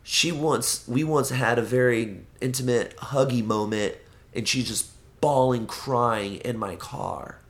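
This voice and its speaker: An animated young man telling rambling stories in casual chat, his voice sitting at a middle pitch. He swears freely and jumps into the voices of the people he describes. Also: takes it slowly.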